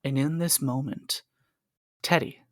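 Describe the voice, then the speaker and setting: A man narrating a tabletop game as game master in a relaxed, conversational way. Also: mid-range voice, measured pace, a crowd in the background. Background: background music.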